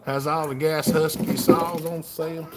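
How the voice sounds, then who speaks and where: A man's voice: a little high, level tone, a little slow, very noisy. Folksy Southern man chatting on a livestream. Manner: folksy, drawling, reads chat aloud. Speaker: livestream host. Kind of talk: casual livestream chat.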